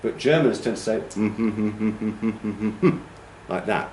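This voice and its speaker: A man's voice: lowish voice, lively intonation, normal speed, reverberant, a little hiss or hum. A male teacher trainer giving a classroom lecture, explaining patiently and checking in with "okay?". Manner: demonstrates rhythms by humming and counting.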